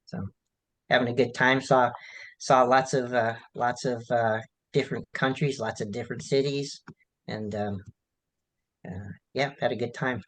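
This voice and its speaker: A man, an author being interviewed, answering in a halting, rambling way with many restarts and fillers. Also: mid-range voice, steady tone, fairly bright tone, poor audio. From United States.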